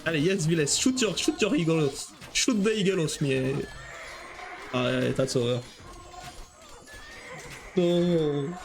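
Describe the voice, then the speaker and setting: A man giving live esports commentary, excitable and joking as he jumps between calling the play and chatting with viewers. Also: fairly high pitch, slow, gravelly, pauses often, soft background music. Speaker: esports caster.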